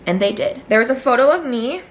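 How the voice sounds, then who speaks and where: A woman's voice: a little high, animated, brisk, gravelly, slight background noise. Indignant young woman speaking to camera. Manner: indignant, emphatic, repeats phrases for effect. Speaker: former student, vlogger. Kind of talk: direct-to-camera vlog monologue.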